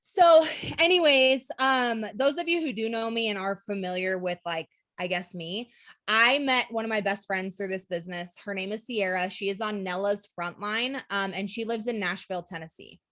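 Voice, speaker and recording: A young woman from Utah tells her story straight to camera, chatty and unfiltered. She peppers her talk with "like" and "literally" and swears without a second thought. Her voice sits at an ordinary middle pitch for a woman. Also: moderate pace, a bit bright, dry recording. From Utah, USA. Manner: candid, swearing, lots of "like" and "literally". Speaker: network marketing seller.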